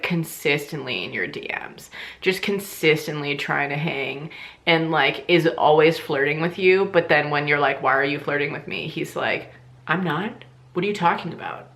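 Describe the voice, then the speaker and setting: Young woman vlogger, low-pitched, bright voice, animated, laughs and swears often. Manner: animated, swings into high squeals for quoted lines; swears freely, laughs through her story. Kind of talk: casual storytime chat.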